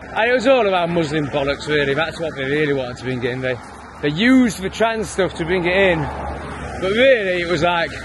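An English vlogger with a fairly high voice rants heatedly in his own opinion vlog, swearing a lot. There's background noise in the recording.

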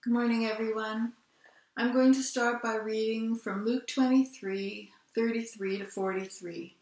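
A woman reading scripture aloud during a church service, slow, careful and even. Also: a little high. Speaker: scripture reader. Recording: echoey church room.

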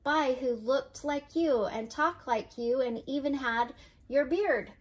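A woman's voice: sits high, slow pace. A woman voicing a kindly, near-sighted, hard-of-hearing old grandmother in a storybook read-aloud, raising her voice to a fond, fussing tone.

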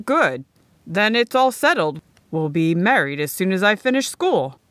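A woman's voice: unhurried, no room sound. A woman voicing an eager, earnest young man in an audiobook. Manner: steady, low-pitched storybook dialogue.

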